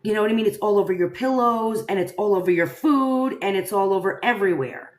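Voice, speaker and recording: With a mid-range voice and a fast pace, a woman hosts a casual live stream, firing rhetorical questions at her viewers as she addresses them directly. Her delivery is animated, and the recording has an echoey room sound.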